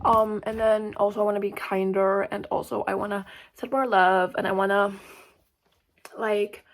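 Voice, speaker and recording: Young woman vlogger, casual and rambling, vocal fry, drops from loud outbursts to mumbles. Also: medium pitch, level tone, normal speed. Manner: rambling, filler-heavy, swearing; swings between loud outbursts and mumbled asides. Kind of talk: casual chat to camera.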